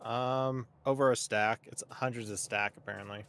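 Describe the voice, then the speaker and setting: A man's voice: medium pitch, fairly even intonation, moderate pace, a bit bright, smooth. A man playing a co-op game as a guest, chatting in a hesitant, focused, slightly unsure way. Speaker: guest co-op player. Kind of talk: casual co-op gameplay chat.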